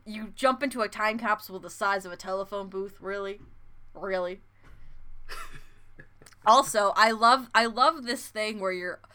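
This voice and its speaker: A woman's voice: medium pitch, bright, forceful tone. A woman co-hosting a podcast in casual chat, playful and giggly, often trailing off mid-sentence. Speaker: podcast co-host.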